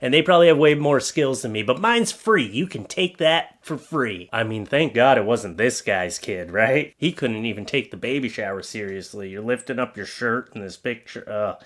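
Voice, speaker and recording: A man's voice: mid-range voice, lively intonation, moderate pace, few pauses, fairly bright tone. A man hosting a comedic reaction video, reacting to pictures and clips with joking, sarcastic asides. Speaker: YouTube host.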